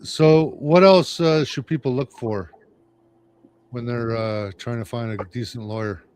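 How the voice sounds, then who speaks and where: A man's voice: medium pitch, a little slow, darkish tone, smooth. Joking Canadian man, co-host. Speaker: podcast co-host. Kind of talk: casual chat.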